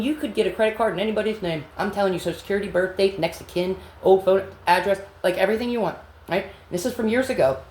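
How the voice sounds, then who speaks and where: A woman telling an angry personal story in a blunt, profane vlog monologue that sometimes drops to a low whisper. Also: a little mellow. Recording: echoey room with faint background hum.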